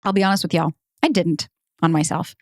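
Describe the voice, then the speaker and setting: A woman in her thirties, a dating coach, talking candidly to listeners in a casual monologue, swearing freely with animated bursts. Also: fairly low pitch, fairly quick, no echo, clean studio sound. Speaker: dating coach and podcast host.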